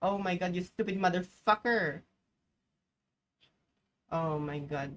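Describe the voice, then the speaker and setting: A woman's voice: lowish voice, takes it slowly, fairly bright tone. A young adult woman streaming live, chatting casually over gameplay, rambling, swearing freely and breaking into sudden outbursts.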